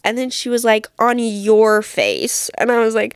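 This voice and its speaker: A woman's voice: mid-range voice, animated, brisk, hardly any pauses, no echo, studio quality. A young woman hosting a podcast, telling a story in a chatty, self-deprecating way and laughing often. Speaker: podcast host. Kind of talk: casual solo podcast storytelling.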